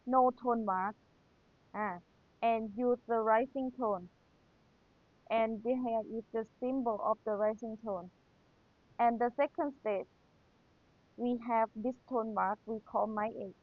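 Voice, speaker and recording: Reviewing exam material with patience, a Thai-accented woman teacher goes over the key points again and again. Her voice sits a little high, there's no room sound, and the audio has a dull lo-fi quality.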